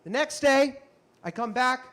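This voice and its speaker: Animated high-voiced male storyteller. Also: measured pace. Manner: animated, punchy, frequent asides. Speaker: comedian and storyteller. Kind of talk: stand-up storytelling.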